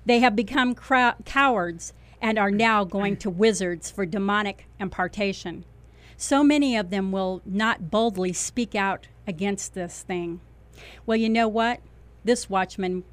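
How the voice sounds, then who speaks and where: A woman delivering a fervent religious warning as a self-styled watchman, declaiming with heavy emphasis and dropping low on key words. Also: dry recording. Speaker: self-described watchman preacher.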